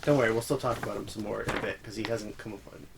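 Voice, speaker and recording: A man's voice: on the low side, fairly even intonation, racing, vocal fry, noisy background. A man co-hosting a podcast, trading dry, teasing banter in casual chat. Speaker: podcast co-host.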